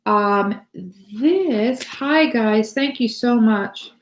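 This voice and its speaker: A woman's voice: a little high, extremely slow, roomy sound. A woman giving a live tarot reading to viewers, chatty and rambling, full of fillers and restarts. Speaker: tarot reader.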